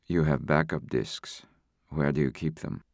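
A man voicing a calm, menacing male intruder who speaks in a quiet, level, softly threatening way. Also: a bass voice, a little slow, creaky, no room sound, studio quality, heavily acted. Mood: cold menace.

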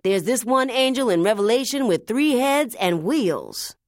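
A man's voice: very high-pitched, sing-song, a little slow, dry recording, studio quality, pitched above the performer's own voice, exaggerated voice. A woman voicing an anxious middle-aged male street preacher in an audiobook, pleading and insistent. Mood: hopeful.

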